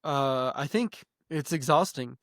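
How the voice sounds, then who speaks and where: A man's voice: medium pitch, lively intonation, unhurried, a bit bright, no room sound, clean studio sound. A man co-hosting a podcast, musing in an earnest way, hedging often and swearing casually. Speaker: podcast co-host. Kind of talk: casual chat.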